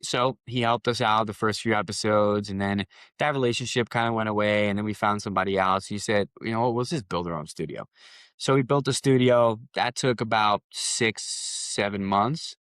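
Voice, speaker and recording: A man's voice: lowish voice, fairly even intonation, moderate pace, fairly bright tone, smooth, no room sound. A man, a company founder guest on a podcast, telling rambling anecdotes in a casual interview, with restarts and quoted dialogue.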